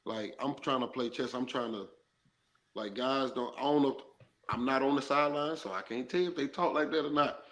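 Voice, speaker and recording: A man's voice: medium pitch, brisk. A man who played football, talking casually and animatedly with plenty of slang. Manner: loose, animated storytelling with slang. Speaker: former football player, guest. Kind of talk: casual sports talk.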